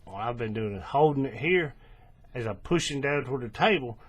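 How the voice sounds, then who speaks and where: A man hosting a hands-on crafting tutorial, explaining each step in a relaxed way, checking in with the viewer and correcting himself as he goes, recorded at a table on the camera's own mic. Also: medium pitch, fairly quick, slightly rough. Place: indoors at a table, working close to the camera.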